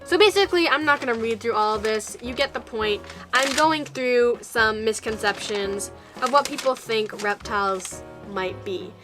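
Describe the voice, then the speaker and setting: A young woman telling a storytime vlog at home and reading her old letters aloud in a chatty, lively way. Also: fairly high pitch, moderate pace, music in the background. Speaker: vlogger.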